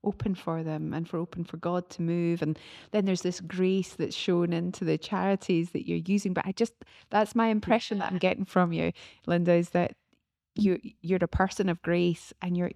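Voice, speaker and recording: A woman co-hosting a casual chat about faith, affirming the guest and speaking in quick, eager bursts. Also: on the low side, steady tone, creaky, warm tone. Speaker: co-host.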